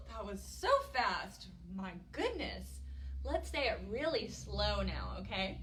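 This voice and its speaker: A young woman runs a children's story time and singalong, speaking to little kids in a bright, animated, exaggerated way. Her mid-range voice is unhurried, and heavy background noise runs through this preschool lesson.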